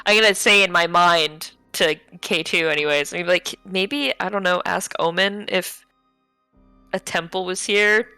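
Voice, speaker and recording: A woman's voice: fairly low pitch, a little slow, bright, forceful tone, smooth, no echo, soft background music. A woman playing a tabletop game who chats and laughs often. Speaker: player. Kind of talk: tabletop game play, casual chat.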